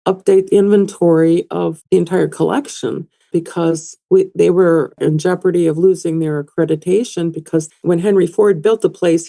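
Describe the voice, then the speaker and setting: Middle-aged woman, museum director, podcast guest; low pitch, conversational, tells stories. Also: gravelly, warm tone. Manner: conversational, explains at length with anecdotes. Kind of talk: podcast interview.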